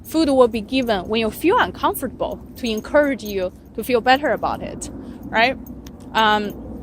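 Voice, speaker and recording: A woman dog trainer with a slightly high, animated voice speaks at normal speed, with background noise, while walking dogs outdoors. She gives casual advice, keeps tagging her points with "right?", and breaks off to praise the dogs.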